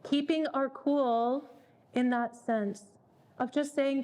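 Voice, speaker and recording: A woman's voice: high-pitched, steady tone, slow pace, a little mellow. A woman leading a parenting workshop, speaking earnestly and repeating words as she thinks. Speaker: workshop leader.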